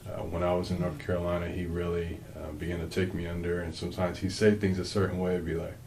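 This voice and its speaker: A man's voice: deep voice, flat delivery, fast talker, darkish tone, roomy sound, a little hiss or hum, low-quality recording. A man co-hosting a faith-based marriage talk with his wife, speaking earnestly and rambling with frequent restarts. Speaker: co-host, husband.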